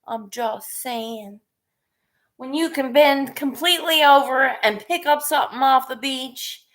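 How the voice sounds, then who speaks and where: Slow, laid-back woman. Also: on the high side, a bit bright. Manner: laid-back, chatty, greets viewers by name. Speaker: live stream host and artist. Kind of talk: casual live stream chat.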